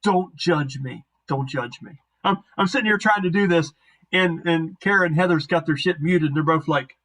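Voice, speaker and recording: Man, game master, rambling narration, somewhat high voice. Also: moderate pace, a bit bright, low-quality recording. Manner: rambling, self-deprecating. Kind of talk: narrating a tabletop game over a voice call.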